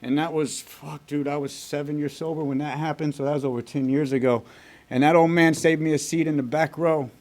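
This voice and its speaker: A man from Texas with a voice pitched a little above most men's, speaking to a recovery meeting. He tells a personal story bluntly, with frequent swearing, moving quickly from one moment to the next. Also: fairly even intonation, darkish tone. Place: recovery group meeting room.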